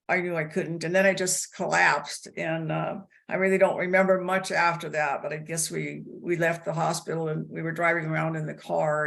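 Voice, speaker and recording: A woman giving personal testimony in an interview, telling her story in a halting, emotional way with frequent restarts. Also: lowish voice, vocal fry. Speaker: interview guest.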